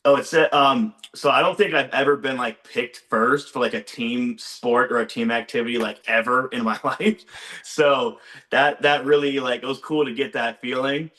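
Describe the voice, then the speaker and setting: A young man, a former game show contestant, chatting on a video call and excitedly retelling his experience with lots of "like.". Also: mid-range voice, moderate pace. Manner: excitable storyteller, heavy use of "like". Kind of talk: casual chat on a video call. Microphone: video call microphone.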